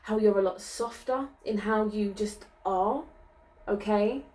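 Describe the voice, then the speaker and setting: A woman giving a channeled card reading, gentle and reassuring, often ending her sentences with "okay?" and laughing lightly. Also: mid-range voice, unhurried, recorded from a distance, poor audio. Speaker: spiritual card reader.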